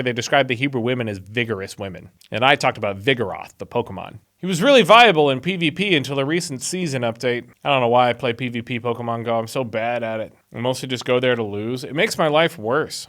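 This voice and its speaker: A man's voice: mid-range voice, animated, quick pace, hardly any pauses, fairly bright tone. A man reading a Bible chapter aloud and cracking sarcastic jokes between the verses. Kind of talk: casual reading with commentary.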